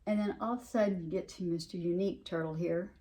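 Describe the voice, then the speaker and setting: A woman's voice: on the low side, quick pace, dark tone. A woman with a Southern US accent chatting casually as she shows her stitching projects, rambling with frequent restarts and fillers. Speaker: cross-stitch vlogger. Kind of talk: casual show-and-tell chat.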